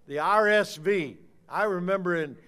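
An older man preaches with fire, his high, clear voice dropping to a low mutter and then rising to shouts. He leans on key words and stretches them out, pressing his point hard. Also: normal speed. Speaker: pastor. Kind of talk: fiery sermon.

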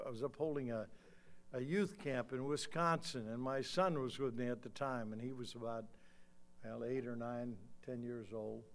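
A man in his sixties preaching in a church, telling a story and then rising to loud, emphatic calls before leading a quiet prayer. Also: medium pitch. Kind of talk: sermon with altar call. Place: church sanctuary.

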